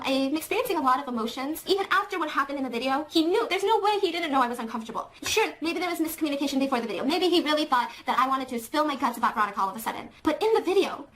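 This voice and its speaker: A woman's voice: high-pitched, fairly bright tone. A woman in a played clip, earnestly recounting an upsetting experience, emotional and self-doubting. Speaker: YouTuber recounting a conflict. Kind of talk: personal storytime.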